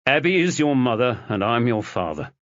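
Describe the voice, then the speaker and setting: A man's voice: mid-range voice, very animated, moderate pace, fairly bright tone, no echo, dull audio. A man voicing a desperate middle-aged detective father in an audiobook, pleading urgently.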